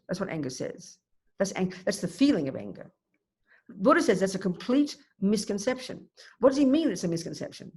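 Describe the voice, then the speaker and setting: A woman's voice: mid-range voice, a little fast. Emphatic woman teaching Buddhism. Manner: emphatic, animated, thinks aloud with restarts. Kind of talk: dharma teaching talk.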